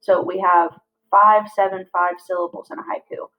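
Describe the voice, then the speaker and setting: A woman teaching a class, reading lines slowly and clearly and breaking words into syllables. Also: medium pitch, flat delivery. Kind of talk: classroom lesson. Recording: slightly dull lo-fi audio.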